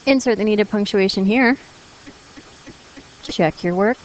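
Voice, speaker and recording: A woman's voice: medium pitch, unhurried, a little hiss or hum, low-quality recording. A woman teacher explaining punctuation rules to her class in a patient, encouraging way, reading example sentences aloud. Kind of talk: classroom grammar lesson.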